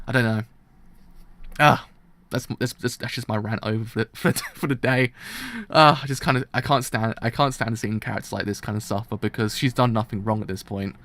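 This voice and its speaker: A man's voice: fairly low pitch, fairly even intonation, a little fast, fairly bright tone, no echo. A man streaming a live reaction to a manga, ranting with passion and leaning often on "kind of".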